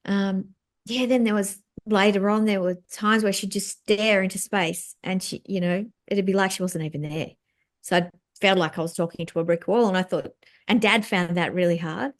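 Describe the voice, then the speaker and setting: A middle-aged woman speaking as a guest in an interview, talking frankly and reflectively, with soft laughs and plenty of fillers. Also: medium pitch, fairly even intonation, normal speed. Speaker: author and guest. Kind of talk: candid conversational interview.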